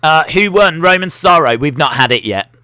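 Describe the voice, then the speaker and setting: A man's voice: on the high side, animated, brisk, bright, forceful tone, clear, resonant tone, no room sound, clean studio sound. A man hosting a live wrestling watch-along, chatty and jokey, reacting aloud as he goes. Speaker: live stream host.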